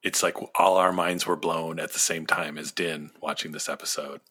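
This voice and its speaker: A man's voice: very deep voice, little pitch movement, moderate pace, pushed and bright. A man co-hosting a podcast, talking about a series in an enthusiastic, rambling way. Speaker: podcast co-host. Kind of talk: casual fan discussion.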